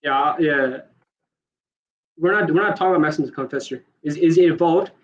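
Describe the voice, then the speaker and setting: A man with a high-pitched voice debates online, firing off quick questions and talking over his opponent. His audio comes through dull and lo-fi, as over a call. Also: slight background noise. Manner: rapid-fire questions, interrupts, repeats himself.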